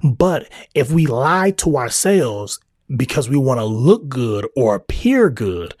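A man talks in a loose, slangy, repetitive way, like a podcast host sharing faith and family thoughts. His voice is husky and sits at an ordinary pitch. The recording is dry and close. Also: sing-song, slow, a little mellow, dry recording. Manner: conversational, slangy, repeats himself, sometimes drops into prayer. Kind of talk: casual faith-based family talk.

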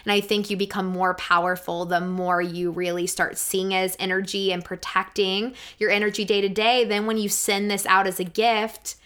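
A woman, a physical therapist, talking as a guest in a casual conversation, telling earnest, animated stories with lots of fillers. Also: mid-range voice, moderate pace, few pauses, smooth.

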